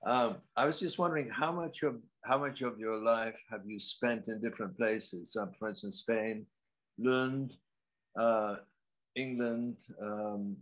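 A man's voice: fairly low pitch, steady tone, a little slow, rough recording. Musing man asking a question. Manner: hesitant, musing. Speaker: audience member.

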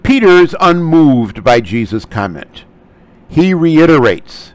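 A man's voice: a little high, no room sound, rough recording. A man teaching a scripture lecture, explaining Greek terms closely. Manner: slow, animated delivery. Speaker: Bible study teacher.

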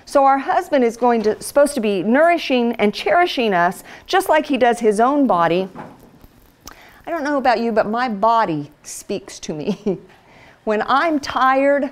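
A middle-aged woman giving a Bible teaching talk to women, telling stories and acting out voices with lively energy. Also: sits high, measured pace. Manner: animated storyteller, acts out voices. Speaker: women's ministry speaker. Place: church hall.

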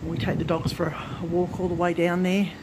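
Speaking at a normal speed in a voice on the low side, she keeps her pitch fairly steady while background noise plays underneath. This craft channel vlogger gives a chatty, rambling tour of her farm lodge unit, indoors and on the back porch, on her phone, correcting herself often.

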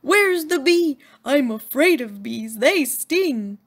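A woman voicing a clumsy, friendly young male moose who talks in a slow, earnest, literal way. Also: mid-range voice, sing-song, breathy edge, exaggerated voice.

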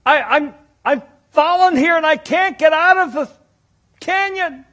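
A man voicing a desperate male tourist clinging to a bush on a canyon wall, shouting and pleading for help. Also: extremely high pitch, measured pace, pitched above the performer's own voice, exaggerated voice. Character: desperate male tourist dangling over a cliff.

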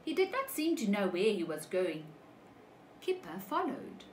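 Preschool teacher, woman, slow expressive storybook reading, roomy echoey sound. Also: medium pitch, a little hiss or hum. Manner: slow, animated, asks children questions. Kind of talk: reading a picture book to young children.

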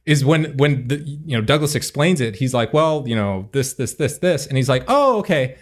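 A man hosting a casual podcast review chat, animated and laughing often. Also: mid-range voice, normal speed. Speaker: podcast host.

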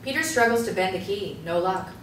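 A woman reading the stage directions aloud in a script table read, brisk and matter-of-fact. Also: mid-range voice, animated. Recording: echoey room, distant mic, faint hiss.

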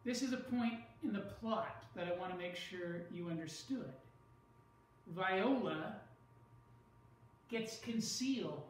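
A woman teaching a lesson, speaking slowly and deliberately and stressing syllables to show rhythm. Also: fairly low pitch, animated, slight background noise. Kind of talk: classroom lecture. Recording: echoey room, far from the mic.

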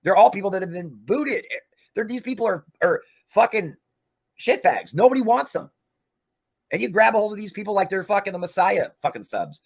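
A man's voice: high voice, expressive, brisk, gravelly. A man hosting a livestream, ranting in a profane, combative way. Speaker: livestream host.

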